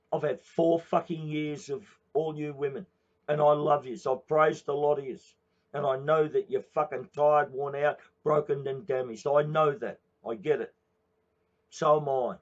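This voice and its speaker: A man's voice: fairly high pitch, fairly even intonation, measured pace, dull audio. An Australian man from Queensland giving a blunt, profane, confrontational address to his viewers. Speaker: protest movement speaker.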